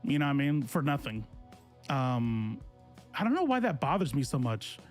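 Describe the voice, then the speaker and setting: Animated, sarcastic man streaming over faint music. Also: medium pitch, moderate pace. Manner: confrontational, sarcastic, talks straight to chat. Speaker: political streamer. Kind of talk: casual livestream rant to chat.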